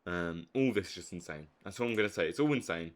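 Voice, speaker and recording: A young man giving live commentary on a strategy game, swinging from low muttering to hyped outbursts. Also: expressive, quick pace. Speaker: streamer.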